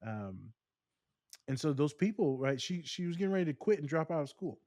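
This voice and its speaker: Animated man ranting on a podcast. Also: a little high, brisk, no echo, clean studio sound. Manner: animated storytelling rants. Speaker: podcast co-host. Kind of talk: casual podcast chat.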